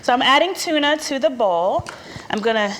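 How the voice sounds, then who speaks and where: A woman's voice: sits high, lively intonation, moderate pace, fairly bright tone, a little hiss or hum. A woman chef giving a cooking demonstration, explaining each step in a chatty, instructive way.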